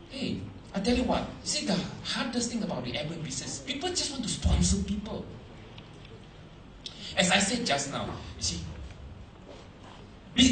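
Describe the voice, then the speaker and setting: A man's voice: high voice, slight background noise. A man giving a sales seminar talk to a live audience, questioning the crowd and repeating his points for emphasis. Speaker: motivational speaker. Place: large hall with an audience. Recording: echoey hall, recorded from far off.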